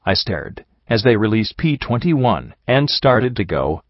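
A man narrating a first-person story in a steady, even reading voice. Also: on the low side, unhurried, no room sound. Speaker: audiobook narrator. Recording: dry, slightly dull home recording.

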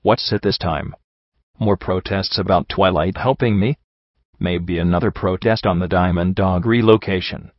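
A man's voice: low voice, moderate pace, no echo, highs cut off. A man voicing a stern, weary female pony ruler who speaks curtly and irritably. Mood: cold. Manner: curt and irritable.

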